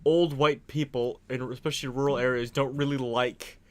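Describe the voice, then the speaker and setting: A man's voice: mid-range voice, fairly even intonation, normal speed. A young man co-hosting a casual political chat, talking in a chatty, hedging way and laughing often. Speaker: co-host.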